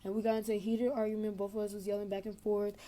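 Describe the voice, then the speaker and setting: A woman's voice: mid-range voice, little pitch movement, very fast, mellow. A young adult woman caller telling a long story in casual, rambling talk over a phone connection, filling gaps with "blah, blah".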